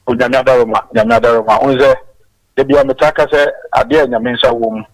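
A man's voice: medium pitch, fairly even intonation, fairly quick, low-quality recording. Emphatic Ghanaian man calling in. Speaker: caller. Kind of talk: political talk call-in. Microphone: phone line.

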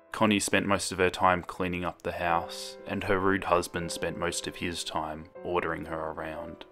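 A young man reading a horror story aloud in a calm, measured narration, recorded as a voice-over. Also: low-pitched.

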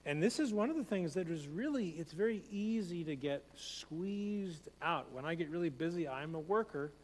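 Conversational pastor in a reverberant church. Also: male voice, a little high, animated. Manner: conversational, repeats phrases, quick bursts in stories. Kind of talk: sermon. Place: church sanctuary. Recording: long hall reverb, faint hum.

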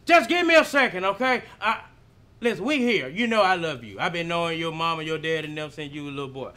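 An actor playing a boastful mechanic shop owner who knows nothing about cars, talking loud and fast in a comedy film scene. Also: male voice, on the high side, animated. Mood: blustering. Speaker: comic actor.

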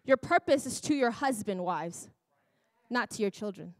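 A woman's voice: medium pitch, lively intonation, normal speed, dry recording. A woman preacher delivering a sermon in a church, often laughing, breaking off and exclaiming to herself. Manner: laughing, self-interrupting, exclamatory.

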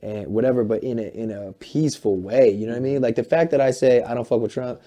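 Animated, profane man with a very dark voice. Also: medium pitch, fast talker. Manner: animated, profane, rambling with quoted asides. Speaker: musician being interviewed. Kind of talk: candid interview talk.

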